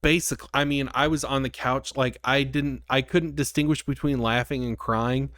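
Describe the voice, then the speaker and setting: A man co-hosting a podcast, telling a story in casual chat with lively, profane energy. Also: mid-range voice, normal speed, no room sound, clean studio sound. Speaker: podcast co-host.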